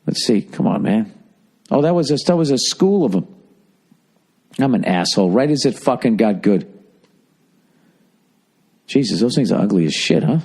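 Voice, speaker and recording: Podcast host, middle-aged man, cursing and sarcastic, mid-pitched, rambling solo. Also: animated, normal speed, pauses often, darkish tone, slightly rough. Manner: profane, sarcastic, riffing. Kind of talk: rambling monologue.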